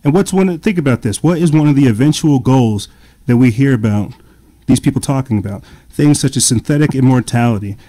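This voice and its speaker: A man's voice: medium pitch, a little fast, mellow. A man in casual podcast chat, talking in long rambling runs full of fillers and restarts.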